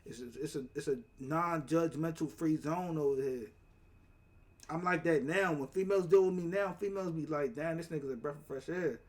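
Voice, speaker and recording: A man's voice: a little high, a little fast. A man talking casually and boastfully about how easy he is to talk to. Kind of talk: casual monologue.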